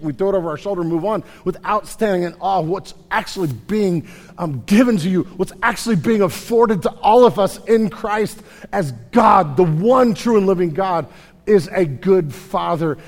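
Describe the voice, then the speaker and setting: Guy preaching, kinda high voice, lots of stops and restarts, echoey big church sound. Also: a little fast. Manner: animated, conversational preaching with repeated restarts. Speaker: pastor. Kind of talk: sermon.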